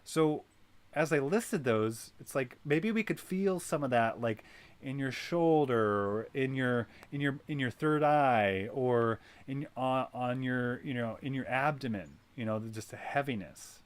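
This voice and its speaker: A man hosting a wellness circle, talking in an animated coaching way that is full of "right?" and "you know". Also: medium pitch, measured pace, smooth. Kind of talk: guided wellness talk.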